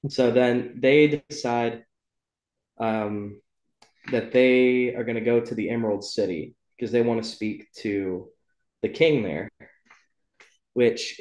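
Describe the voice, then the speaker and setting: A man's voice: medium pitch, darkish tone. A man hosting a casual book club chat, talking loosely and rambling, with lots of ums and self-corrections. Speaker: podcast host. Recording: roomy echo.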